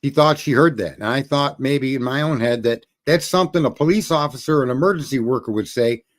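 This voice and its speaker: A man's voice: mid-range voice, a little fast, no room sound, clean studio sound. A man on a discussion panel, talking emphatically and posing rhetorical questions.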